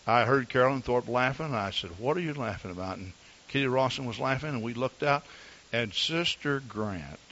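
A man's voice: mid-range voice, a bit bright, highs cut off, a little hiss or hum. A man preaching as a pastor, telling folksy, earnest stories about his wife to his congregation. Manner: folksy, storytelling, earnest asides. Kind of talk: sermon with personal stories.

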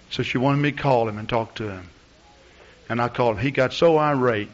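A man's voice: mid-range voice, brisk, long pauses. A man preaching a sermon as pastor, talking plainly with the congregation and building to fervent outbursts. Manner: conversational preaching that builds to loud, fervent exclamations. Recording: dull lo-fi recording.

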